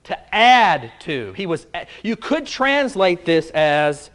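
A man's voice: high-pitched, big pitch swings, takes it slowly, fairly bright tone. A male pastor preaching a conversational, playful sermon to a live congregation, quizzing them as he goes. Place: church before a live congregation.

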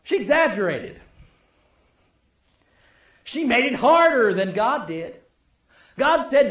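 A male pastor preaching a sermon, telling the story with swings from loud to hushed. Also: very high-pitched, expressive, slow, reverberant.

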